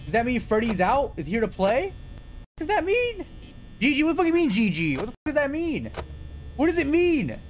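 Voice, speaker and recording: A young man gives fairly quick live gameplay commentary in a high voice that bounces, leaping up and dropping back down. He's excitable, yelping and swearing when startled and whooping when things go his way, with a faint noise floor behind him.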